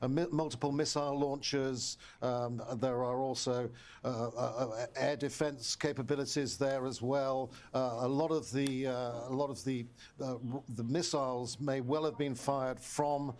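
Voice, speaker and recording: Halting male news correspondent. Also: mid-range voice, fairly even intonation, a little mellow. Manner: halting, many fillers. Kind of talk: news report.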